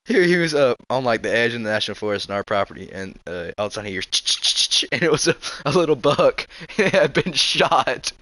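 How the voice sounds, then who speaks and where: Young man, animated storyteller, lively sing-song delivery, dry close sound. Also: mid-range voice, no room sound. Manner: animated, laughs often, quick restarts. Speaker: hunter telling stories. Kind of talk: casual storytelling.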